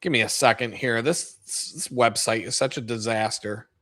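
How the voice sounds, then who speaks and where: A man hosting his own video, telling a rambling, profane story with lots of laughter and sudden loud stretches. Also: medium pitch, normal speed. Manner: profane, laughs a lot, gets loud retelling stories. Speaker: video host.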